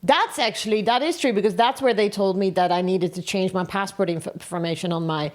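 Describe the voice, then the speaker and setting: A woman's voice: mid-range voice, brisk. A Dutch woman in her thirties, a comedian co-hosting a casual comedy podcast, telling stories with lots of laughter. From Netherlands. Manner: animated storytelling, laughs often.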